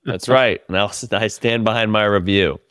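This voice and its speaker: A man telling profane, animated stories about a comedy tour in casual podcast chat. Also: on the low side, normal speed, smooth, no echo, clean studio sound. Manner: profane, animated storytelling with laughs.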